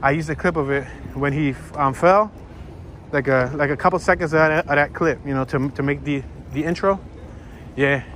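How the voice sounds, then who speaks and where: A man talks loosely and jokingly to his camera while strolling outdoors, drifting from one topic to the next. His voice sits a little high for a man. Faint city sounds hum behind him. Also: normal speed, a bit bright. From North Philadelphia. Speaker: walking tour vlogger. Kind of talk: casual chat while walking.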